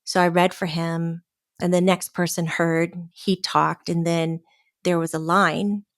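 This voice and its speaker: A middle-aged woman on a podcast, telling a story with lots of laughter and little acted-out quotes. Her voice sits a bit low for a woman, and the sound is close and dry with no room echo. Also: little pitch movement, unhurried. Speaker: podcast guest, medium. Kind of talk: casual storytelling chat.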